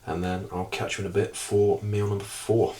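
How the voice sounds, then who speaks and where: A young man chatting casually to camera in a relaxed, rambling way, with fillers and some swearing. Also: lowish voice, moderate pace. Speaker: bodybuilding vlogger and personal trainer. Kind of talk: casual vlog chat to camera. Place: indoors at home and in a parked car.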